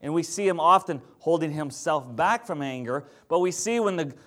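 A man's voice: on the high side, expressive, moderate pace, fairly bright tone. A man preaching a sermon in a conversational style that rises to emphatic declarations. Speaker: pastor.

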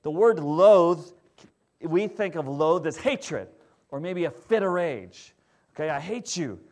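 A man, a pastor, preaching a sermon in a conversational way, often checking in with his listeners and swinging between loud emphasis and quiet, low stresses. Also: expressive, slow.

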